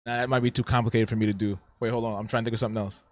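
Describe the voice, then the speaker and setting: A man's voice: on the low side, flat delivery, very fast, no echo. Guy live streaming, joking with chat, keeps repeating himself, dry close sound. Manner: playful, talks back to the chat, repeats himself. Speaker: streamer and artist.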